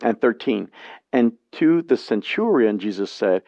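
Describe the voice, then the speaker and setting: A man teaching a Bible study lesson, reading scripture passages aloud and explaining them in a plain, measured way. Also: lowish voice, expressive, dry recording. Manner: plain, measured reading with brief spoken asides. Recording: dry, dull lo-fi sound.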